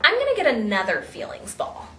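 A woman teaching artist leading a children's drama workshop in a playful, animated way. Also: high-pitched, a little hiss or hum. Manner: playful, animated, drawn-out delivery. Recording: echoey room, mic at a distance.

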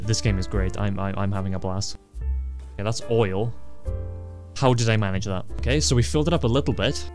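A man giving excitable let's-play commentary, stammering, swearing and laughing often. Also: on the low side. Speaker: gaming channel host.

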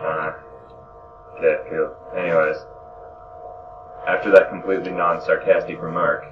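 Guy rambling thru a game, crude jokes, fairly low voice, far from the mic, dull sound. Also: little pitch movement, normal speed. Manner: rambling, jokey, crude, laughs a lot. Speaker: video game let's play commentator. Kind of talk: casual gameplay commentary. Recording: echoey, distant, dull sound with game music.

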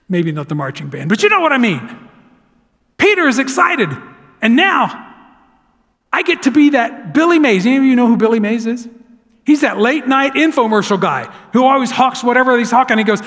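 A man preaching a sermon in a church sanctuary, telling the story with lively, dramatic flair. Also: very high-pitched, moderate pace. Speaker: pastor. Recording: long church hall reverb.

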